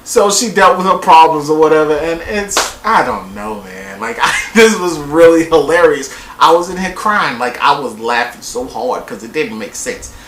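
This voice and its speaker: A woman reviewing a TV show in a casual vlog, talking in a loud, profane way and mocking people with put-on voices. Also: low-pitched, moderate pace, few pauses, roomy sound, recorded from a distance, slight background noise, low-quality recording. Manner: animated, profane, mocks people by quoting them in put-on voices.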